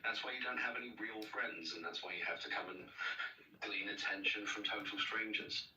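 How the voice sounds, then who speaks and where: A man's voice: fairly low pitch, moderate pace, crowd noise. Cutting man, echoey distant call. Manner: calm, cutting, lecturing. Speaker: caller on a livestream. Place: London. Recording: echoey call audio from far off.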